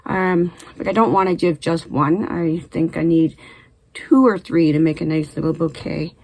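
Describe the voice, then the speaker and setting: A woman's voice: sits low, steady tone, normal speed, warm tone, poor audio. A woman hosting a casual knitting vlog from her home in Canada, chatting in a friendly way and sounding a little short of breath, with the odd cough. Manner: friendly, chatty, occasional coughs and throat clearing. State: short of breath after illness. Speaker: knitting channel host.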